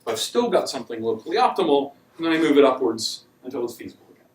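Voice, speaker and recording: A man's voice: medium pitch, very animated, quick pace, darkish tone. A man giving a university lecture in a casual, wry way, with frequent ums and words he leans on. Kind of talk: classroom lecture. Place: lecture hall. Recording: echoey lecture hall, voice from a distance.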